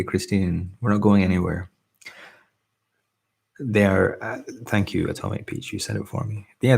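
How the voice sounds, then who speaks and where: A young man with a light Scottish twang talks in a very deep, gravelly, breathy voice. He keeps it soft and casual, reading comments aloud and answering them one by one as he hosts a relaxed stream. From Britain. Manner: reads viewer comments aloud and replies. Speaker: ASMR livestream host. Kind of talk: casual soft-spoken live chat.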